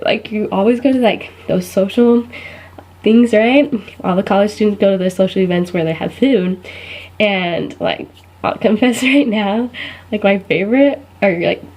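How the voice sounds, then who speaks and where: A young woman, a college student, telling a casual comedic story to camera, giggling and putting on higher voices for the people she quotes. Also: a little mellow, low-quality recording. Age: young adult.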